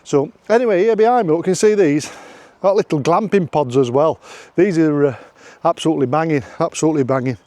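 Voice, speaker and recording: A man's voice: on the high side, fast talker, warm tone, no room sound. A middle-aged man with a Yorkshire accent, chatting jokily in a casual travel vlog from a campsite, filming himself on a handheld phone and repeating his phrases. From Yorkshire, England. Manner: chatty, jokey, repeats phrases, laughs often. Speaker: vlogger. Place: outdoors at a campsite.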